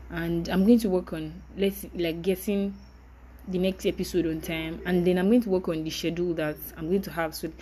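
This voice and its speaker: A woman's voice: fairly low pitch, warm tone, a little hiss or hum, low-quality recording. A young woman, hosting a casual solo podcast and talking candidly in a chatty, apologetic way. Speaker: podcast host.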